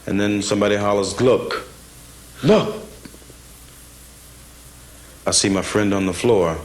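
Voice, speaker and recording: A man's voice: lowish voice, level tone, quick pace. A young man in his twenties, a football player, speaking earnestly about his struggles and reciting his own poetry with dramatic flair. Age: 20s. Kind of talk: reflective interview and poetry recital.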